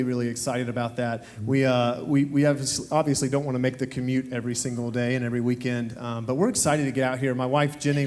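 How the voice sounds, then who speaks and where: A man's voice: mid-range voice, darkish tone. A man from Alabama with a Southern accent, chatting onstage in a church interview as the new campus pastor, friendly with many fillers. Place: church sanctuary. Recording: long hall reverb.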